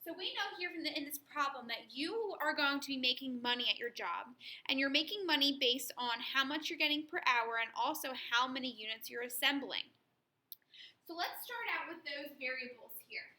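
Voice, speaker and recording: A woman walks through a math lesson step by step, patient and methodical. Her voice sits high and sounds very bright. The room around her gives an echoey ring. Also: normal speed. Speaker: math teacher. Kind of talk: recorded classroom lesson.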